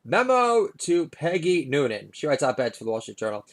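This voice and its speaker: A middle-aged comedian rambles through a sardonic monologue on his own podcast, his high-ish voice sing-song and a little fast. Fillers abound, most of them a steady "uh."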